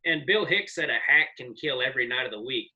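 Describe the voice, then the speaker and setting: A man in his forties, a comedian guest telling rambling, animated stories in casual podcast chat. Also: medium pitch, brisk, muffled recording. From American South. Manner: rambling, animated storyteller with profanity.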